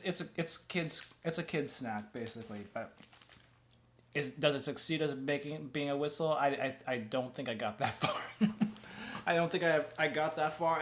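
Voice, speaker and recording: A man's voice: a little high, fairly bright tone, slight background noise. A man streaming as a VTuber, chatting casually while tasting snacks. He rambles, restarts his phrases, and talks around a mouthful of gum. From United States. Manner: rambling and self-correcting, often restarts phrases.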